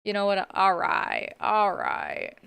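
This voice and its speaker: A woman's voice: mid-range voice, steady tone, slow pace, creaky, fairly bright tone, smooth. A woman streamer chatting casually and rambling to her viewers while she plays a game. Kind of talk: casual gaming chat.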